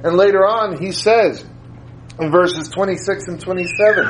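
A man's voice: high voice, moderate pace, slight background noise, rough recording. A man preaching a sermon in a conversational way, repeating phrases for emphasis. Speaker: school teacher.

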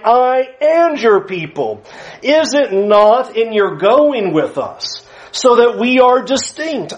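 A man's voice: extremely high pitch, highs cut off. A man preaching a sermon, earnestly paraphrasing scripture in a conversational way.

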